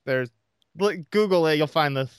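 A man in his thirties chatting casually as a podcast host, playful and quick to slip into impressions. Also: fairly high pitch, clean tone, dry recording, studio quality. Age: 30s. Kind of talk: casual chat.

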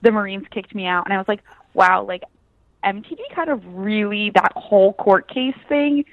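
A woman's voice: mid-range voice, animated, moderate pace, no room sound, phone-quality sound. A woman co-hosting a casual podcast, chatting and adding her own recollections. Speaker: podcast co-host. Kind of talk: casual chat.

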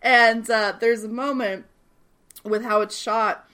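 A young woman with a bright, forceful voice runs through a show's plot in casual podcast chat. She tells it animatedly, slipping into characters' lines and swearing freely. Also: fairly high pitch, slow. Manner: animated storytelling, acts out characters' lines, swears and laughs often. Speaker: podcast co-host recapping a TV series.

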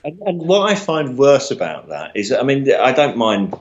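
A man's voice: medium pitch, sing-song, moderate pace. A middle-aged man with a southern English accent, chatting casually as a podcast guest, rambling, restarting and laughing as he goes. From England. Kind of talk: casual chat. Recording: dull lo-fi sound.

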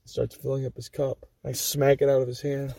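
A man's voice: mid-range voice, normal speed, vocal fry, crowd noise. A young man telling casual, profane stories as a podcast guest, acting out what people said. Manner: profane, animated anecdote teller acting out quotes. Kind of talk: casual storytelling.

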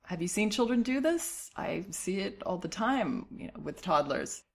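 A middle-aged woman hosting a parenting advice show, talking a listener through her letter in a calm, reassuring, encouraging way with light laughs. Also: mid-range voice, moderate pace, creaky.

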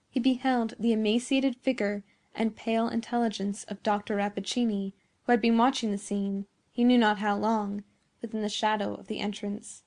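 A woman narrating a classic story in a measured, expressive reading. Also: medium pitch, vocal fry. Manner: measured, expressive reading of old-fashioned prose. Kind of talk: scripted narration.

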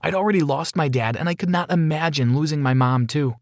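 A man narrating a dramatic first-person story in an expressive reading style. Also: a little high, brisk, no room sound, studio quality.

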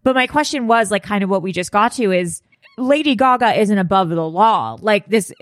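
A woman co-hosts a casual chat in a quick, joking way and laughs at her own remarks. Her voice sits at a middle pitch. The sound is dry and close, with no room echo. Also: animated. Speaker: podcast co-host.

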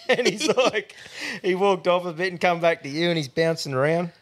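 An Australian man co-hosting a podcast, recounting a night out with loud laughter and free swearing. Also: high voice, moderate pace. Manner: swears freely, laughs loudly. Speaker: podcast co-host. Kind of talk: casual crude storytelling.

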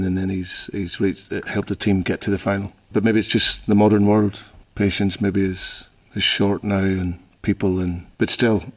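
Male manager, very deep flat husky voice, calm. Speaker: football manager.

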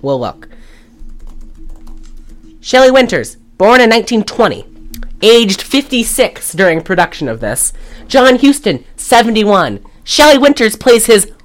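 A woman's voice: fairly high pitch, sing-song, unhurried, pauses often. A woman co-hosting a podcast, retelling a movie in a loose, rambling way full of fillers. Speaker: podcast co-host. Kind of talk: casual movie recap chat.

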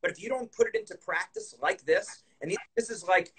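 A man's voice: high voice, fairly quick, a bit bright, breathy edge, rough recording. A man hosting a casual interview, eagerly reflecting the guest's points back and stressing their value. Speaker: podcast host.

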